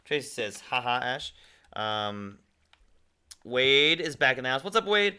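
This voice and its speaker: A man's voice: mid-range voice, very animated, unhurried, pauses often, pushed and bright, smooth. A man hosting a casual gaming livestream, reading viewer chat messages aloud and chatting back. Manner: reads viewer chat aloud and replies conversationally. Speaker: livestream host.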